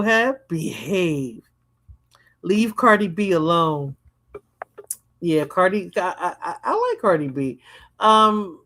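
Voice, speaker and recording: A woman hosting a livestream, chatting bluntly about viral clips and saying "you know" a lot. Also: medium pitch. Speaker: livestream host. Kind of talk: casual commentary on viral clips.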